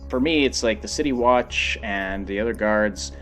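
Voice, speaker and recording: A man's voice: lowish voice, moderate pace, a bit bright. A young man as a guest in a casual game discussion, talking hesitantly and restarting his phrases often. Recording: faint background music.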